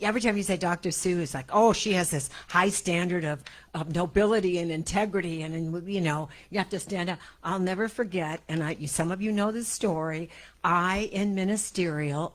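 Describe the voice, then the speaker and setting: Woman minister with a lowish voice, animated and emotional storyteller, congregation setting. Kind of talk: personal storytelling in a church service. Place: church sanctuary before a congregation.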